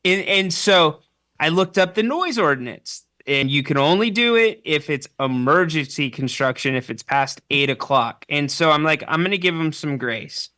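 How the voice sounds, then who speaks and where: A man co-hosting a casual talk show, telling an anecdote with animated quoted voices and casual swearing. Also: a little high. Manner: animated storyteller who acts out the people he quotes, swears freely. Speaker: podcast co-host.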